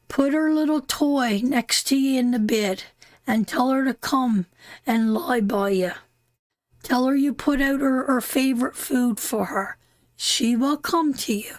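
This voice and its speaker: A woman's voice: high-pitched, unhurried, no room sound. A middle-aged woman from Canada giving a live tarot reading, emotional and heartfelt, repeating phrases for emphasis. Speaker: tarot reader hosting a live stream.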